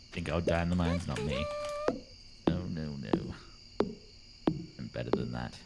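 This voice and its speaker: A man's voice: rumbling low, measured pace, gravelly. A man chatting and joking casually while playing a game with his girlfriend on a stream. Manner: joking, teasing. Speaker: streamer's boyfriend, co-player. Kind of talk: casual gaming chat. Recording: noisy stream audio with clicks.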